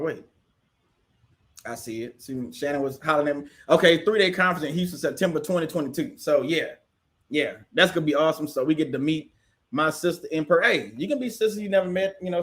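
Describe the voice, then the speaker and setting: A man's voice: on the high side, fairly bright tone. A man from the casually hosting a livestream, chatting with viewers and answering their comments, often laughing. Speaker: livestream host.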